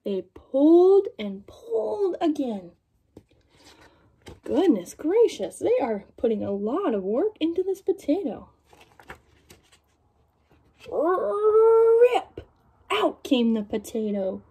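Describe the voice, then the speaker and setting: A young woman reading a picture book aloud to children, in an animated storytelling manner and asking her young listeners questions. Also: high-pitched, unhurried, breathy edge.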